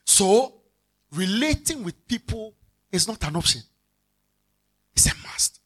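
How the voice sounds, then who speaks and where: A husky, medium-pitched voice carries this Ghanaian pastor's slow, animated sermon. He weaves Twi into his English, plays out everyday situations, and sometimes shouts to stress a point.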